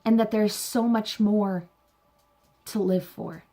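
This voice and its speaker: A woman's voice: mid-range voice, steady tone, takes it slowly, dark tone. A young woman talking earnestly to camera, sharing a personal story and encouraging her viewers with faith-filled words. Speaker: vlogger. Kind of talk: heartfelt personal talk to camera.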